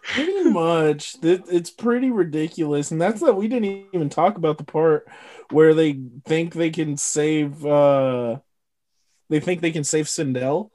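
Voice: mid-range voice, measured pace, mellow. A co-host in a casual movie-review chat, mocking and giggly, with blunt jabs. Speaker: podcast co-host.

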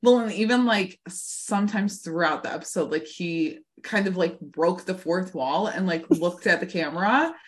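Podcast co-host, woman, somewhat low pitch, gushing casual recap chat. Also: normal speed, hardly any pauses. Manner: gushing, chatty, many "like" fillers.

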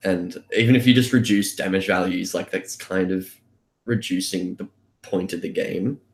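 A man with a very low voice co-hosting a podcast. He speaks dryly and chats casually about games. His mic picks up a roomy echo. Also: steady tone, moderate pace. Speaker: podcast co-host. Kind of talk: casual game discussion.

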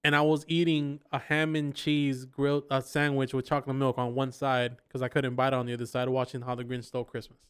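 A man's voice: mid-range voice, level tone, clean tone. A man telling crude, laughing stories in a casual drinking podcast chat. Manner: crude, storytelling, drawn-out laughs. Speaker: podcast host.

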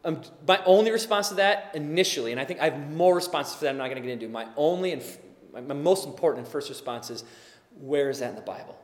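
A man preaching a sermon as pastor, impassioned and building to emphatic, forceful delivery. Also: a little high, animated, fast, in a large hall.

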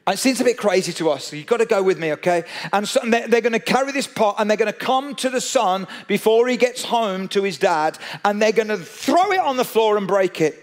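A man preaching a sermon, telling a story with animated energy and speaking straight to his listeners. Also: sits high, brisk, hardly any pauses. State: out of breath.

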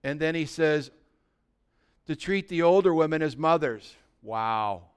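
A man preaching a conversational sermon as pastor, dropping to a soft, quiet voice when acting out gentle words. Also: fairly high pitch, normal speed, smooth. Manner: conversational preaching, drops to a soft voice for imagined dialogue.

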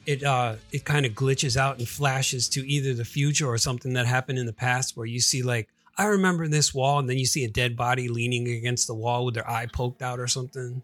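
A young man on a casual podcast, describing scenes in a relaxed way. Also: medium pitch, a little fast, hardly any pauses, soft background music. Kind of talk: casual chat.

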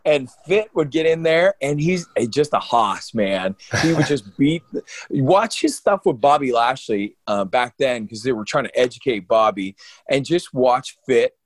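Animated wrestler telling stories, dry sound. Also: male voice, medium pitch, unhurried, no echo. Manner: animated, rambling, many restarts. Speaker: pro wrestler, co-host. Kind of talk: casual storytelling on a podcast.

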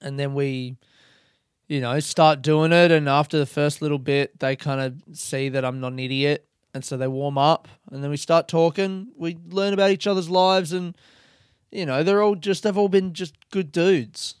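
Young aussie guy, laid-back rambly monologue, smooth clear voice, dry close sound, self-mocking. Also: fairly high pitch, steady tone, moderate pace, no room sound. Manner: rambling, self-deprecating, swears freely. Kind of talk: casual monologue.

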